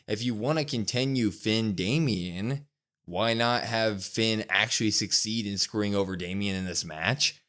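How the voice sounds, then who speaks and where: A man's voice: fairly low pitch, a bit bright. A man co-hosting a wrestling podcast, animatedly retelling a show's events and acting out what people said. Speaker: podcast co-host. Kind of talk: casual wrestling show recap.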